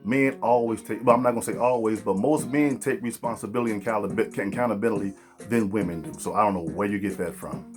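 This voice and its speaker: Blunt preaching podcast host, faint music. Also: male voice, on the low side, quick pace. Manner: blunt, preachy, talks straight to the audience. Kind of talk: opinionated podcast monologue.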